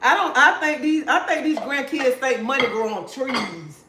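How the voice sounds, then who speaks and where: An older woman, chatting casually on a livestream and telling animated stories with quoted dialogue. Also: sits high, moderate pace, reverberant, background noise. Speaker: livestream host. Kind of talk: casual chat.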